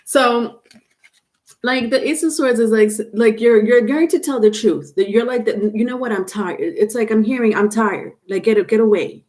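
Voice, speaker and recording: A woman's voice: on the high side, moderate pace, a little mellow. A woman doing a live-stream tarot reading, chatty and loose, laughing often and trailing off with fillers and restarts. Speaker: tarot reader.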